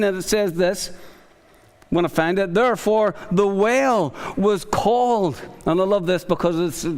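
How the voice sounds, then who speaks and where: Man, pastor, sermon, high-pitched voice, animated, acts out biblical figures, long hall reverb. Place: large church hall.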